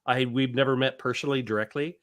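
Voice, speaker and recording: A man voice actor describing his roles in a casual video-call interview, relaxed and hesitant with ums. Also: medium pitch, quick pace.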